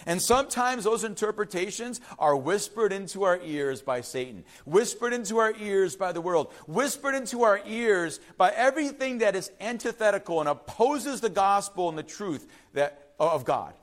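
Animated high-voiced male preacher. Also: normal speed, hardly any pauses. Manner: dramatic, swings from loud urgency to soft hush. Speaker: pastor. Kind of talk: sermon.

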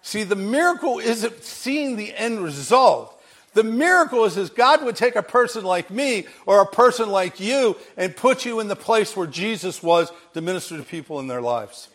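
A man preaching a sermon with emphasis, repeating his phrases and swinging from quiet to loud, laughing now and then. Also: sits high, very animated, normal speed.

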